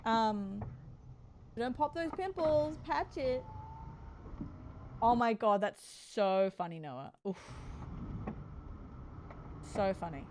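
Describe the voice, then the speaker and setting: A woman's voice: a little high, lively intonation, slow pace, long pauses, darkish tone, a little hiss or hum. A woman streamer chatting casually with her viewers and reacting to videos with frequent laughter and amused exclamations. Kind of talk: casual live-stream chat, reacting to clips.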